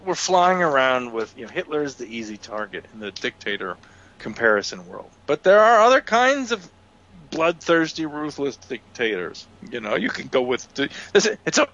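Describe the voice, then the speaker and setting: A man's voice: a little high, a bit bright, muffled recording. A man co-hosting a casual political chat who laughs often and makes long, earnest run-on points. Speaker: podcast co-host.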